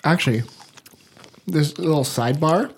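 A man's voice: fairly high pitch, normal speed, gravelly, a little hiss or hum. A man co-hosting a podcast in casual chat, enthusiastic and swearing offhandedly. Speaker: podcast co-host.

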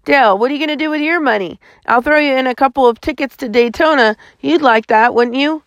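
A cold, sly grown villain who wheedles and snarls, pitched a little high and pushed forward, as a woman reader puts him on. The voice sits close and dry, with no room around it. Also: lively intonation, moderate pace, fairly bright tone, no echo. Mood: sly bargaining.

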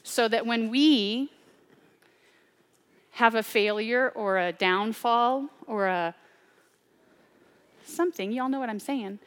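A woman delivers a sermon in a fairly high voice, pressing hard on some phrases and dropping to a hushed near-whisper on others. Her words ring out with the long reverb of a large hall, and she talks in a loose, conversational preaching style. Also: takes it slowly, long pauses. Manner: swings between loud urgent preaching and hushed near-whispers.

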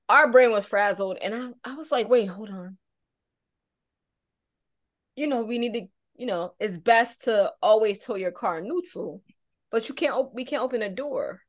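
A woman co-hosting a casual podcast, telling a rambling, animated story with frequent laughs. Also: mid-range voice. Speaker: podcast co-host.

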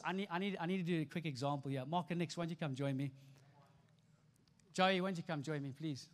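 High-voiced man preaching in a reverberant hall. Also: fast talker. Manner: emphatic preaching with repeated phrases and call-and-response. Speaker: pastor. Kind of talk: sermon. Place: church stage before a congregation.

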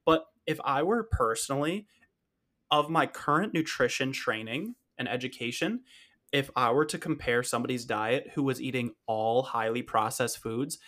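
A man's voice: mid-range voice, fairly bright tone. A young man co-hosting a fitness podcast in casual chat, getting heated and swearing as he argues. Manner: heated, swearing, fast when worked up.

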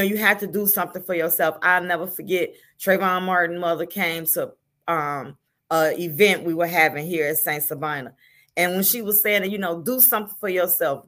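A woman's voice: lowish voice, fairly bright tone. An older woman, a grandmother, talking earnestly as a guest on a talk show, often repeating words as she makes her point. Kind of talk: casual chat.

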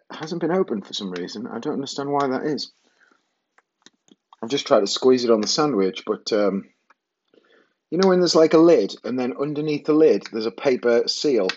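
A man's voice: mid-range voice, a little mellow, lo-fi sound, a little hiss or hum. A middle-aged man hosting a rambling solo podcast from his kitchen, self-mocking and casually swearing. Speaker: podcast host. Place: home kitchen.

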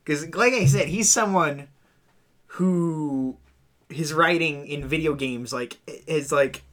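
A man co-hosting a casual podcast chat, blunt and quick to laugh. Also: fairly high pitch, fairly bright tone. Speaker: podcast co-host.

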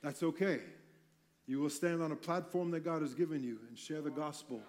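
Man preacher with a fairly high voice, delivers a fervent sermon that swells loud and drops soft, with quick jokes. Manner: passionate, with wide swings in loudness and light humorous asides.

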